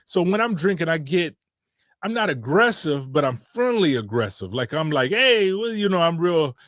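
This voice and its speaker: A podcast host from Detroit tells a story in a casual, meandering way, doubling back to fix his words. His voice sits a bit high for a man. The sound is dry and close, with no room echo. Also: big pitch swings, moderate pace, a bit bright. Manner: laid-back, rambling, with frequent self-corrections.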